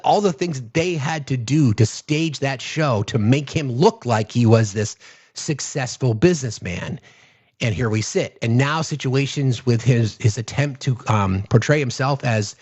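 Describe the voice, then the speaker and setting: A man's voice: medium pitch, normal speed, a little mellow, slightly rough. A man doing casual political commentary on a live stream, blunt and sarcastic, cursing freely.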